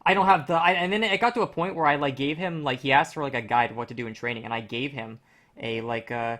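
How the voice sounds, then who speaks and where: Brief: quick-talking male stream commentator, animated, foul-mouthed storyteller. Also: mid-range voice. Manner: animated storytelling, mocking impressions, swears a lot. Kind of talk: casual chat.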